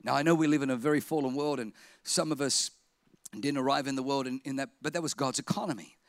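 A man preaching a sermon as a pastor, telling humorous stories with lively energy and now and then breaking into shouts. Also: mid-range voice, quick pace, no room sound, clean studio sound. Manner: animated humorous storytelling, bursts into shouting.

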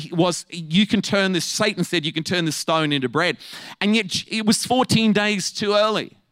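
A male preacher delivers a lively sermon full of jokes and quick asides. His voice sits a little high and keeps shifting between playful bursts and slower, weightier points. The recording is dry, with almost no room sound. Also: no echo. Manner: humorous, animated, quick asides with laughs.

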